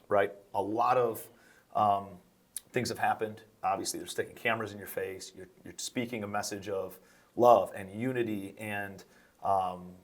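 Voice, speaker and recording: A man hosting a podcast, asking questions and encouraging his guest. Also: lowish voice. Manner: encouraging, frequent affirmations. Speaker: podcast host. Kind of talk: interview questions and backchannel.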